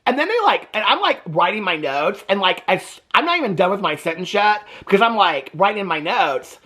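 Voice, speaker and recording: A man hosting a reaction video, chatting in a gossipy, animated way and laughing often. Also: high voice, brisk, slightly rough. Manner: animated and gossipy, keeps asking "okay?"; laughs often while talking. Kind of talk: casual reality-TV reaction commentary.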